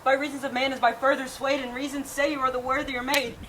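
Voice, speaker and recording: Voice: high voice, little pitch movement, fast talker, a bit bright. An actor playing Lysander, an ardent young nobleman, with passionate verse delivery in outdoor Shakespeare stage acting. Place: outdoor town square. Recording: outdoor performance with background noise.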